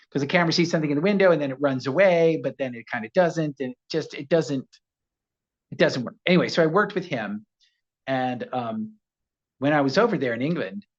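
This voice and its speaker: An American man, an actor, telling animated anecdotes as a guest, slipping into voices as he goes. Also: mid-range voice, highs cut off. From United States. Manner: animated storyteller, slips into voices. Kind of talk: casual interview anecdote.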